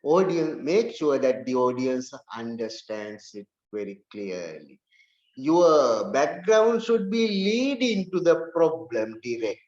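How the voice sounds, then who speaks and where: A male lecturer, unhurried and emphatic, repeating key points to the class. His slightly high voice rings in an echoey classroom, and the recording sounds dull and lo-fi. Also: big pitch swings, darkish tone.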